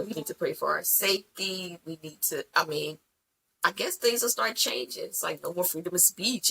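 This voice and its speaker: A woman co-hosting a podcast in casual chat, talking bluntly and profanely with animated storytelling. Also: fairly low pitch, creaky, slightly rough, rough recording. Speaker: podcast co-host.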